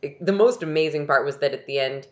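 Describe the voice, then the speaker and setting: A woman's voice: sits low, fast talker, muffled recording. A woman co-hosting a podcast, chatting casually and giggling, with many fillers as she recaps a TV episode. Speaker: podcast co-host.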